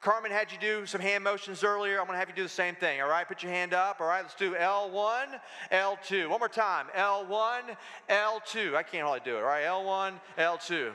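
A man preaching a sermon as pastor, telling stories with humor and lively delivery. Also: sits high, fairly quick, in a large hall. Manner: animated storytelling with humor. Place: church sanctuary.

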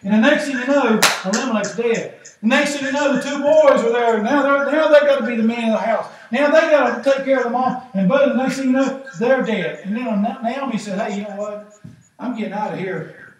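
A middle-aged man, preaching a sermon as pastor in a folksy, animated way, acting out the voices he quotes. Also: very high-pitched, a little fast. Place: church sanctuary. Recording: echoey church from far off, faint noise.

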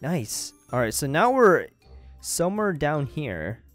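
An excitable young man narrates a game as he plays, jumping from chatty remarks to panicky shouts. His voice sits a little high and leaps all over the place. Faint music plays under him. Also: slow. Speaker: gaming YouTuber. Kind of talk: let's-play commentary.

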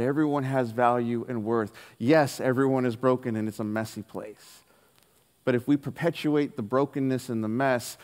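Earnest man preaching in a reverberant hall. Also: mid-range voice. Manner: earnest storytelling, drops soft on key lines. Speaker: pastor. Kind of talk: sermon with personal story. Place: church hall.

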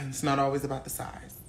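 Broadcasting from St. Louis, USA, this livestream host in their twenties keeps the casual chat brash, crude, and teasing. The voice is medium-pitched, with background noise in the clip.

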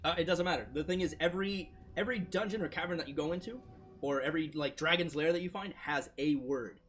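A man casually chatting and commentating while playing a video game, loud and playful, bursting into shouts. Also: fairly high pitch, fast talker, soft background music. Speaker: gameplay commentator. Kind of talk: casual gaming chat.

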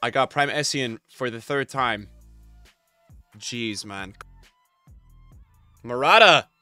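Excitable young male gaming streamer. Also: mid-range voice, slow, soft background music. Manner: hyped, chatty, talks to chat. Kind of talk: excited live pack-opening stream.

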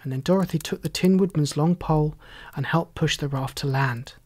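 Measured, gentle storybook narrator. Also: mid-range voice.

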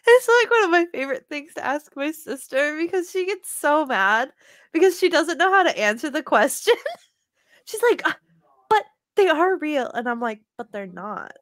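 A woman's voice: sits high, a bit bright, no echo. Young woman cohost chatting about games, giggles a lot, dry close sound. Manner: giggly, laughs often while talking. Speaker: podcast co-host. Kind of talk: casual chat.

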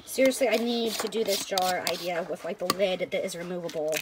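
A woman vlogger chatting excitedly to viewers as she unboxes a package of craft supplies. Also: on the low side, a little fast, heavy background noise. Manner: gushing, excitable, addresses viewers as you guys. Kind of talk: casual unboxing chat.

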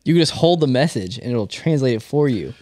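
Brief: young male podcast co-host, mid-pitched, laid-back rambling storyteller, dry studio mic. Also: animated, fairly quick, dry recording. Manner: laid-back, rambling, heavy filler and profanity, trails off quietly.

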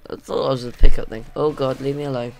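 A man narrating a let's play, excitable and panicky, with self-mocking jokes, on a desk condenser mic at home. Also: medium pitch, fast talker, vocal fry. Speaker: gaming video host.

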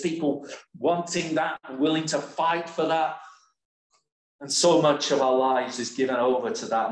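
A man preaching a sermon in a church, slow and emphatic, often asking rhetorical questions. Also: fairly high pitch. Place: church hall. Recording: echoey church hall.

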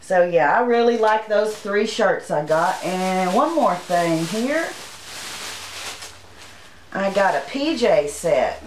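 A woman's voice: medium pitch, lively intonation, takes it slowly, echoey room, a little hiss or hum, poor audio. A woman, from Arkansas, chatting casually and homily as she shows her shopping haul to the camera. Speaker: channel host.

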